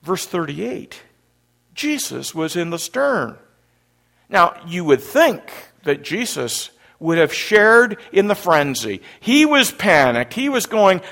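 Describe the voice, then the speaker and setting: A middle-aged pastor from Canada tells the story from the pulpit with a gravelly voice that sits a little high. He swings widely in pitch and leans into the drama, getting loud when he acts out a scene. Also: slow. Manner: animated storyteller, acts out panicked disciples loudly. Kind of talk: sermon.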